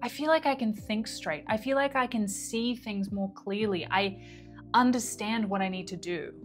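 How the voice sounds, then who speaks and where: A woman voicing a hesitant female client who talks in halting, trailing restarts. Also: mid-range voice, faint music behind, natural voice. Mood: relieved.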